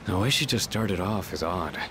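A man's voice: sits low, lively intonation, normal speed, noisy background. A man voicing a casual young male student friend in a video game, talking in an easygoing, upbeat way. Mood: encouraging. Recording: game dialogue over background music.

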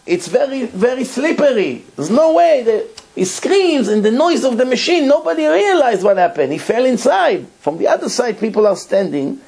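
A man's voice: sits high, a little mellow. A man, a rabbi giving a Torah lecture, telling a story emphatically and repeating words for effect.

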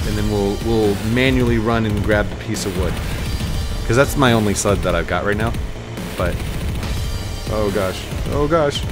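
A man with the sniffles giving casual let's-play commentary at home. He is excitable and bursts into laughter and high yelps. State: sniffly, stuffy nose. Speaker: gaming YouTuber.

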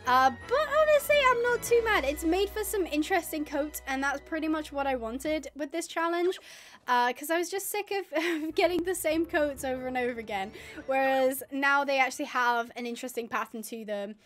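Young woman gamer rambling over gameplay, high voice, faint music behind. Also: normal speed. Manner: chatty, rambling, frequent fillers and self-corrections. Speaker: gaming YouTuber. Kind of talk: casual gameplay commentary.

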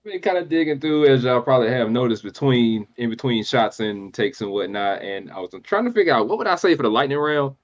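A young man co-hosting a casual gaming podcast, talking in an animated, slangy, nostalgic way. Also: mid-range voice, quick pace, hardly any pauses, dull audio. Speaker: podcast co-host.

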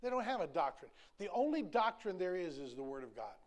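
A man's voice: high-pitched, sing-song, fairly quick. A man, preaching a sermon in an emphatic, folksy, repetitive way with touches of humor. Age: 60s. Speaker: pastor.

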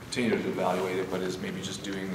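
A man's voice: sits low, completely flat delivery, fast talker. A man from the brewery team, thinking aloud hesitantly in a casual interview. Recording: echoey hall with clear noise.

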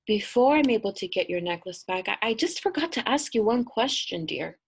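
A woman voicing an old wounded grandmother spirit in a told folk tale, speaking slowly and softly in a cryptic way. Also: medium pitch, lively intonation, vocal fry, husky. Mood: grateful. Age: over 60.

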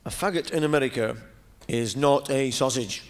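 With a faint crowd and a little hiss or hum in the background, a Northern English comedian speaks at normal speed in a medium-pitched voice. His live stand-up monologue for the audience is rambling, chatty storytelling dotted with asides.

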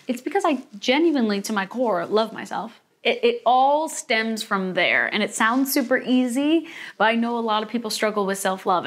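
A young adult woman hosting her own vlog, talking in a bubbly, enthusiastic and encouraging way. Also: fairly high pitch. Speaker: vlog host. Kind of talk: upbeat motivational vlog talk.

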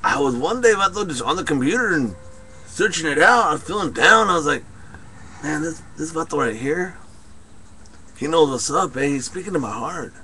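A man's voice: fairly high pitch, lively intonation, moderate pace, sharp tone, slight background noise. A young man playing a tough but sentimental male ex-convict, ending lines with a drawled "eh?". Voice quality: drawls tag "eh?" after lines. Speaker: comedy performer. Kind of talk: improvised comedy skit.

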